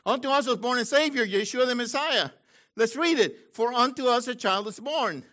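An older man delivering excited Bible teaching with a high, bright voice. He swoops all over his range and breaks into loud exclamations. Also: normal speed. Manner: exclamatory, animated, bursts of shouting. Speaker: preacher.

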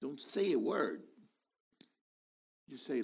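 A man in his sixties preaching a sermon, animated, dropping to low asides and rising to loud exhortation. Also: unhurried, vocal fry, long pauses, breathy edge.

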